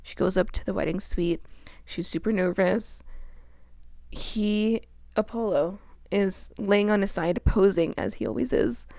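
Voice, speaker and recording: A woman's voice: medium pitch, a little slow, vocal fry, warm tone, dry recording. A young woman giving a casual, chatty book recap, swearing and laughing often. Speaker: book reviewer.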